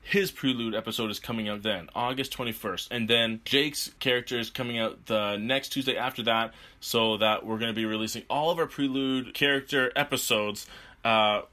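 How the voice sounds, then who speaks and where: A young man hosting a tabletop podcast and playing a character, in a relaxed, chatty manner. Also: mid-range voice, moderate pace. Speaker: podcast host and player. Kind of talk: casual podcast talk.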